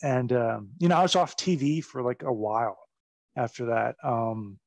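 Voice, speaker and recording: A man's voice: medium pitch, normal speed, gravelly, darkish tone, no echo. A man in his forties, a former wrestler, telling stories in a casual interview. His speech is rambling and profane, and it is full of fillers.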